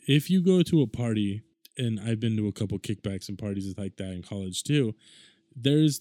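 A man's voice: fairly low pitch, darkish tone, dry recording, studio quality. A young man in his twenties hosting a casual solo podcast, talking in a rambling, conversational way with lots of fillers. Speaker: podcast host.

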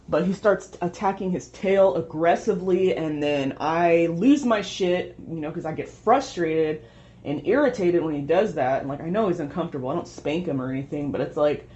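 A woman's voice: low voice, darkish tone. Young woman, casual vlog rant, swears a lot, muffled home recording. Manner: frustrated, swears often, rambling. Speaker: vlogger. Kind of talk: casual venting monologue.

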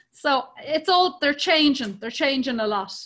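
High-voiced Irish woman, profane storyteller. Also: animated, slow pace, fairly bright tone. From Ireland. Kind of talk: casual chat.

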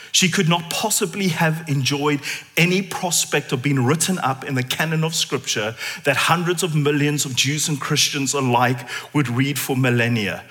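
Male preacher, high bright voice, theatrical sermon, long hall reverb. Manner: animated, theatrical, shifts to hushed intensity. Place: church.

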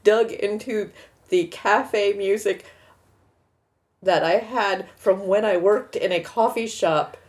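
Taking it slowly in a mid-range voice, this middle-aged podcast co-host chats casually and tells lively stories. She brings them to life by acting out people's quotes.

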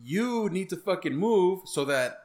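A man's voice: high-pitched, expressive, a little slow. A man, co-hosting a casual podcast chat and telling stories full of swearing and laughter. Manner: profane, laughing storyteller. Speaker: podcast co-host.

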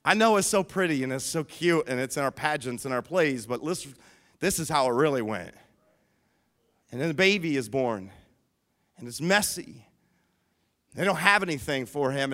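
A pastor preaching a sermon, emphatic, asking the listeners questions and swinging between hushed and loud. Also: male voice, on the high side, animated, normal speed.

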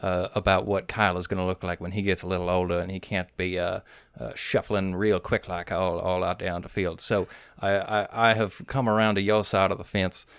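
Low-voiced, mock-formal podcast man. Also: level tone, a bit bright, smooth, no echo, clean studio sound. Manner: measured and mock-formal, with polite sir-style replies. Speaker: podcast co-host. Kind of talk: casual podcast banter about fantasy football.

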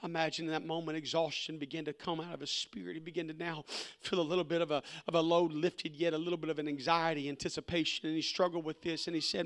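A man's voice: fairly high pitch, little pitch movement, fast. A man preaching a sermon, impassioned, who repeats words and acts out the lines of the story.

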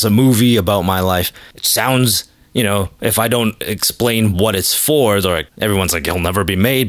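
A man's voice: lowish voice, no room sound. A man hosting his own comedy podcast, rambling through a crude, self-deprecating monologue into a close mic. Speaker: podcast host.

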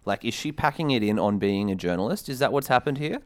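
A man's voice: mid-range voice, lively intonation, quick pace, no echo. A man co-hosting a podcast, talking through a reality show with dry, wry humor. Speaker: podcast co-host. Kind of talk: casual recap chat.

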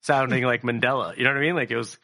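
A man's voice: medium pitch, steady tone, rapid-fire, creaky, pushed and bright. A man co-hosting a casual podcast, rambling and swearing with lots of fillers. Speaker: podcast co-host.

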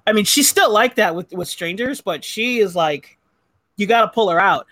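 A woman's voice: medium pitch, lively intonation, normal speed, fairly bright tone, no room sound. A woman from Southern California hosting a live call-in chat show, chatty and profane, often laughing. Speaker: podcast host taking calls.

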